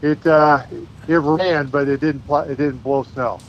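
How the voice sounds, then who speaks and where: A man calling in to a podcast, chatting in a relaxed, self-mocking way. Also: fairly high pitch, unhurried. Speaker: phone-in guest. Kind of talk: casual phone chat. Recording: tinny phone line with faint hiss.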